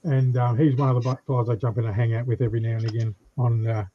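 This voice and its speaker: A man chatting in a relaxed way on a livestream. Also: medium pitch, racing, slight background noise. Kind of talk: casual live chat. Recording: dull lo-fi sound.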